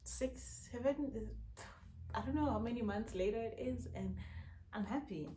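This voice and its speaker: Young south african woman vlogging, all "yo guys", excitable, echoey room. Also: on the high side, a little slow, a little hiss or hum. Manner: excitable, many fillers like "yo, guys". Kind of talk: casual storytelling vlog. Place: at home. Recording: roomy echo.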